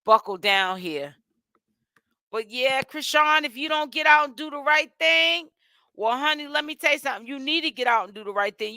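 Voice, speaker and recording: A woman hosting a casual gossip commentary vlog in a sassy, chatty way, tired and yawning as she goes. Her voice is bright and forceful and sits on the high side. The sound is close and dry. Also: no room sound. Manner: sassy and chatty, calls listeners honey and child. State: tired, yawning while fasting. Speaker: host.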